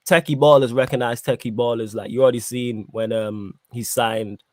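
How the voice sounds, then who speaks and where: A man hosting a casual football podcast, talking in animated slang while eating. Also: medium pitch, moderate pace, no echo. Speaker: podcast host.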